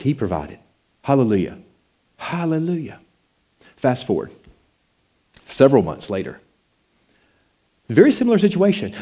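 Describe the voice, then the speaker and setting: A man preaching in an animated, sing-song way, his pitch swinging widely. His voice is dark and mellow. He tells a personal testimony and leans into fervent, pleading passages. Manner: animated, rising to passionate pleading then dropping low.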